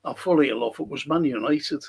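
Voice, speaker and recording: A man's voice: fairly high pitch, fairly quick, vocal fry, a little mellow, slightly rough. A middle-aged man hosting a casual live stream, reading out viewer comments, answering them and swearing now and then.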